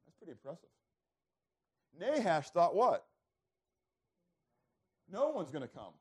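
A man preaching a sermon, throwing rhetorical questions to the congregation and swinging from loud emphasis to hushed, low passages. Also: sing-song, unhurried, slightly rough. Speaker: pastor.

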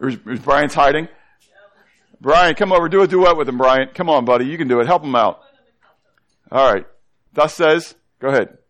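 A man teaching a Bible study sermon to a congregation, animated, constantly asking the room questions and coaxing children to join in. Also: on the high side, moderate pace, long pauses.

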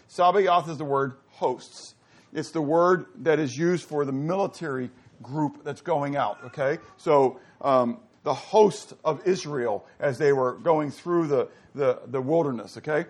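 A man leads a Bible study class in a lively, questioning way. He keeps asking his listeners to answer and leans into loud emphasis on the words that matter. His voice sits a little high for a man. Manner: animated, quizzes the audience, rising to loud emphasis. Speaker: Bible teacher.

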